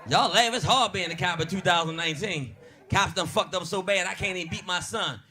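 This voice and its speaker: A man with a Baltimore accent doing a loud, brash, profane stand-up comedy set in a diner. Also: sits high, fairly quick. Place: diner comedy show with live audience. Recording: noisy crowd in a diner. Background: audience laughter.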